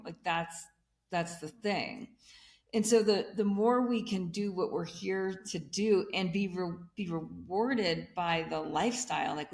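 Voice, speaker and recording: A woman in a conversational interview who explains energetically and builds her points in repeated lists. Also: lowish voice. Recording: echoey room.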